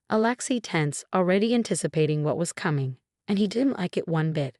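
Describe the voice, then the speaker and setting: A woman narrating a scripted story in a steady, even storytelling manner. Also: lowish voice, fairly quick, few pauses, no room sound, clean studio sound.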